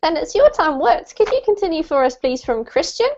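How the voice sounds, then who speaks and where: A woman teaching an online English class over a video call, encouraging and slowing down to model words. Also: sits high, sing-song, darkish tone. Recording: muffled lo-fi call audio.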